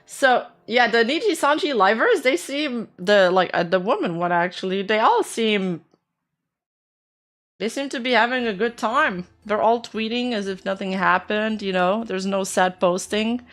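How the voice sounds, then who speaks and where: A woman streamer chats casually during a live stream while reacting to the news, blunt and sweary, laughing often and counting under her breath. Her voice is mid-range, unhurried, and a bit bright.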